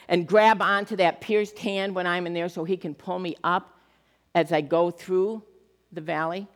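A middle-aged woman pastor giving a sermon in a church, talking in an animated, conversational way with touches of humor. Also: fairly low pitch. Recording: long reverb of a church hall.

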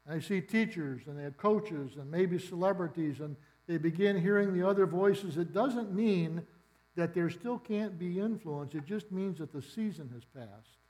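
A man's voice: sits high, normal speed, darkish tone, rough recording. A middle-aged man preaching a sermon in a church, conversational and storytelling with dry humor. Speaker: pastor. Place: church sanctuary.

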